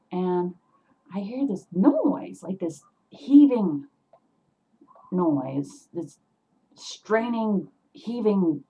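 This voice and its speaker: A woman telling an animated story to her webcam at home, getting loud and worked up as she goes. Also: lowish voice, breathy edge, highs cut off. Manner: animated, swings into loud agitated retelling. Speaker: vlogger.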